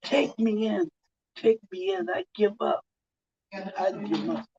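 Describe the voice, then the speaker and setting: A man's voice: big pitch swings, takes it slowly, vocal fry, darkish tone, breathy edge, exaggerated voice. A man putting on a panicked crook begging arrest. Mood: pleading. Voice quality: high, pleading. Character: terrified male criminal begging to surrender. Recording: muffled lo-fi sound.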